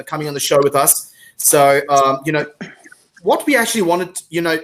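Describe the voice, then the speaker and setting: A man's voice: fairly high pitch, a bit bright, slight background noise. Effusive male live-stream host. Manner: effusive, repeats words and thanks. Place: Singapore.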